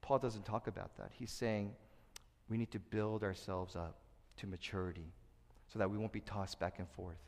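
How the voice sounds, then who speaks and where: A middle-aged man preaching a sermon as pastor, who acts out quotes in loud high bursts and sinks to a soft low voice for serious points. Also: normal speed. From Korea. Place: church sanctuary. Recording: long hall reverb.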